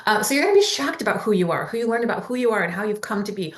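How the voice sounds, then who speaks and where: A woman's voice: mid-range voice, expressive, very fast, roomy sound. A woman speaking earnestly and encouragingly in a casual spiritual discussion, with emphatic asides. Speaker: channel, co-host.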